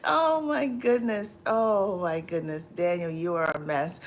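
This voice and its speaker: A woman hosting a casual livestream, laughing often and chatting with viewers in drawn-out, repetitive phrasing full of fillers. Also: fairly low pitch, steady tone. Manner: laughs often, reads and answers viewer comments. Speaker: livestream host.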